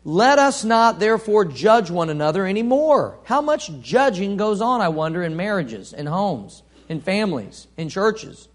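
A man preaching a sermon, reading scripture aloud and asking the congregation questions, swinging from soft to loud. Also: high-pitched, very animated, moderate pace, few pauses. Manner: reads scripture aloud, asks the congregation call-and-response questions.

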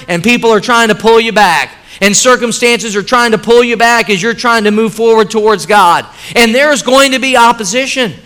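A man's voice: extremely high pitch, sharp tone. A man preaching a sermon to his church, emphatic and repeating key phrases for weight. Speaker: pastor. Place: church sanctuary with congregation.

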